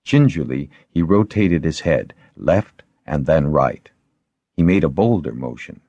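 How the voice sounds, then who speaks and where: Low-voiced man narrating a novel, lively inflection, dry close sound. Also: unhurried, husky, no room sound, dull audio. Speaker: audiobook narrator. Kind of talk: scripted narration.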